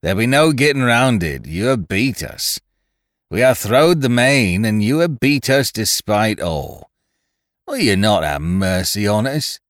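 A man voicing a beaten, mournful pirate who speaks in rough rustic grammar. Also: fairly low pitch, lively intonation, a little slow, no room sound, studio quality, voice pushed up. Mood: pleading. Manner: pleading, mournful, dialect grammar.

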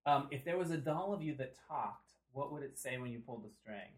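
Very low-voiced woman host. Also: animated. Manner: quick, chatty, reading questions from cards. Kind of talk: casual interview chat.

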